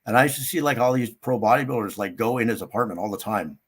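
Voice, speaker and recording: This older man talks quickly in a husky, slightly bright voice. Appearing as a guest in a casual interview, he wanders through a story and performs others' words with a sudden rise in pitch.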